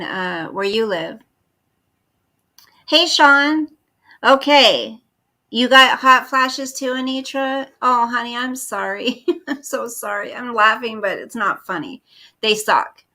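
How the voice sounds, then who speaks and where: Woman in her 50s, slow chatty livestream talk, bright voice, pitched a bit high. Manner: chatty, reads and answers viewer comments. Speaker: livestream host. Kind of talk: casual livestream chat.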